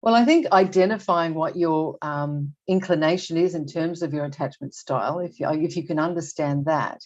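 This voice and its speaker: An older woman speaks candidly as a podcast guest in a fairly low voice. She stops, restarts and repeats words as she works through her thoughts, and the recording sounds dull and lo-fi. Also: moderate pace, darkish tone. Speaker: guest expert. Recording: dull lo-fi audio.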